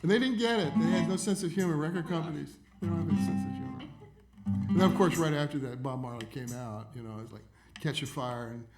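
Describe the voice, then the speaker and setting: An older man, a songwriter and musician, telling stories in a relaxed, chuckling way in casual conversation. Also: fairly high pitch, fast, loud music behind the voice. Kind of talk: casual storytelling chat.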